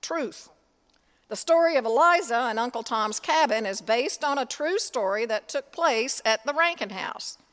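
Woman priest, sermon delivery, deliberate pauses, long church reverb. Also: a little high, expressive, fairly bright tone. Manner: slow, deliberate preaching with dramatic pauses.

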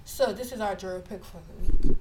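Woman podcast cohost, chatty and animated, mid pitch, reading stuff out and reacting. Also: brisk, a little hiss or hum, rough recording. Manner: chatty, animated, drops into quoted voices. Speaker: podcast co-host. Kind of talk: casual chat, reading listener messages aloud.

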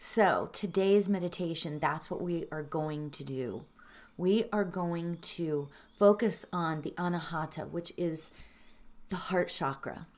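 Slow, teary woman guiding a meditation. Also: lowish voice. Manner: earnest, emotional, slow and halting with soft laughs. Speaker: meditation guide. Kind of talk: reflective spoken intro to a guided meditation.

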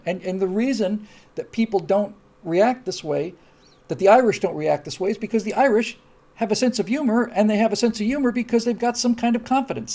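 A man's voice: sits high, vocal fry, warm tone. A man hosting a live stream, reading out viewer comments in a casual, wry, digressive chat that often breaks off and restarts. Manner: wry, digressive, self-interrupting.

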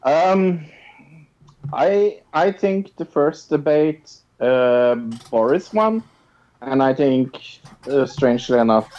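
A man's voice: medium pitch, a little mellow. A man co-hosting a podcast in casual chat, hesitant and full of fillers and restarts. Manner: hesitant, full of filler sounds and repeated words. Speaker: podcast co-host. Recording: dull lo-fi recording.

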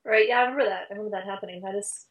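A woman guest in a casual interview, speaking haltingly with many ums and restarts. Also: mid-range voice, muffled recording. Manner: hesitant, halting, lots of fillers, warm enthusiasm. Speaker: race reporter guest.

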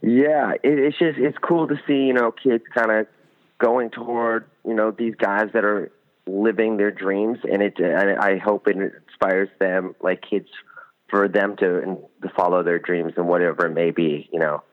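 A man's voice: on the low side, steady tone, a little slow. Young guy on a crackly phone call, talks about his band, lots of likes and you knows. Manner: rambling, many fillers, enthusiastic. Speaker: band musician, guest. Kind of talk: casual interview over phone. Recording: tinny phone line.

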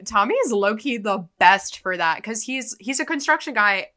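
A woman's voice: fairly high pitch, expressive, normal speed, bright, forceful tone. A woman co-hosting a podcast, chatting casually and emphatically about a TV show with strong opinions. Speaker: podcast co-host. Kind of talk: casual recap chat.

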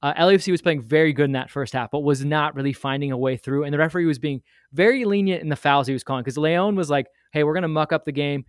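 A man casually telling an animated, rambling story full of asides, as a guest on a podcast. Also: fairly high pitch, fast, hardly any pauses, no room sound, studio quality. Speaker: guest sharing a fan memory.

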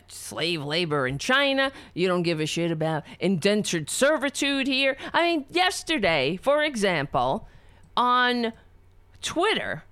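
Woman ranting at a clip, sarcastic, voice jumps all over, slow when she mutters. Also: medium pitch, sing-song, clean tone, no room sound. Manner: sarcastic, swings from loud ranting to muttering while searching. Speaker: commentator reacting to a video. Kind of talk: casual reaction commentary.

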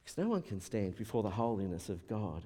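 A man preaching a sermon as a pastor, animated and acting out the voices he quotes. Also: on the low side, quick pace. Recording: long hall reverb.

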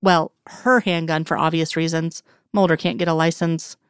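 A woman reading a story aloud in an even, measured narration. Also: deep voice, clear, resonant tone, no room sound, clean studio sound. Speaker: reader. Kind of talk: storytelling narration of fan fiction.

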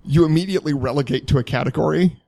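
A young man telling a college story in casual chat, animated and laughing often as he acts out quotes. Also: a little high, very fast, vocal fry, dry recording.

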